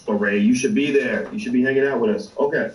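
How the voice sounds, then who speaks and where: Speaking at a quick pace in a medium-pitched voice, this online show host runs a casual livestream full of profanity, filler words, and restarts, all delivered with animation. A distant microphone captures him in an echoey room.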